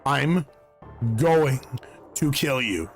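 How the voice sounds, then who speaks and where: Man doing an enraged young man, guttural growl, low and slow, seething. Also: expressive, faint music behind.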